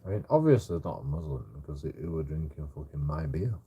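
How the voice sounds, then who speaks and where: A man's voice: very deep voice, lively intonation, fast talker, husky, muffled recording. A man telling a rambling story in casual chat, stammering over repeated words and swearing a lot. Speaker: streamer. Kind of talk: casual anecdote.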